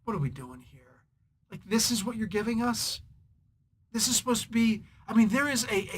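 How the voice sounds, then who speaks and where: A man hosting a comic book review, rambling in a casual, irritated way with sarcastic asides and frequent throat clearing. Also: high-pitched, pushed and bright.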